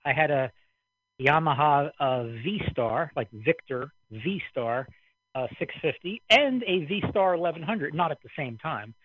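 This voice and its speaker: A man from the Midwest rambles easily on an amateur radio net, a bit out of breath. His voice sits slightly high. It comes through dry and narrow, like a radio link. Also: unhurried, husky, no echo. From American Midwest. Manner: relaxed, rambling. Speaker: caller on the net. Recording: dry radio transmission, phone-like band.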